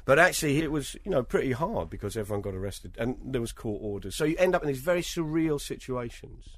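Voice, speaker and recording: A British man in an interview, telling travel anecdotes in a lively, conversational way and acting out other people's lines. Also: mid-range voice, fast talker. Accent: British English. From Britain. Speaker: interview guest, travelling performer.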